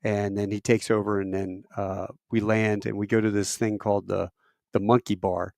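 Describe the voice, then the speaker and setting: A middle-aged man, a military veteran, telling a long personal story in a casual, animated way, with self-deprecating asides and rambling fillers. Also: moderate pace, vocal fry, dry recording, studio quality. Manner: animated, acts out quoted voices with big pitch jumps.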